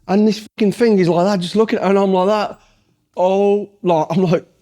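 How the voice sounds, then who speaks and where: A middle-aged man from Britain rattles off blunt, swear-laden anecdotes as an interview guest. His voice sits a little high but sounds mellow and relaxed, and the delivery is loose and unscripted. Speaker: guest, former special forces soldier. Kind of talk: casual storytelling interview.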